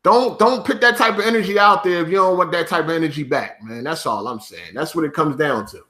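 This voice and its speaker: Man, vlogger, high and sharp-toned, profane repetitive rant to camera. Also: fast. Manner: profane, repetitive, emphatic ranting. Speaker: YouTuber.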